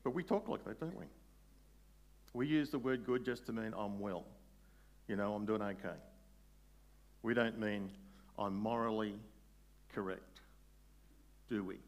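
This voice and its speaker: A man preaching a sermon in a conversational way, putting questions to his listeners and slowing down on key words. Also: on the low side. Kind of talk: sermon, Bible exposition.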